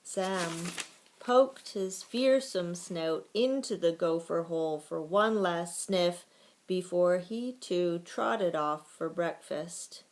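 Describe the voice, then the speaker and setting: A woman reading a children's book aloud in a slow, steady storytelling manner. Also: lowish voice. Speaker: reader.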